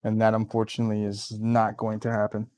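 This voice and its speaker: Hurried easygoing man, dry sound. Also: fairly low pitch, monotone, a little mellow, clean tone, dry recording. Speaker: PC builder. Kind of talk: casual chat while working.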